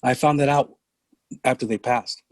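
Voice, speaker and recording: An older man from San Francisco speaking as a podcast guest, earnest and deliberate in a reflective conversation. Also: mid-range voice, fairly even intonation, dry recording. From San Francisco, California.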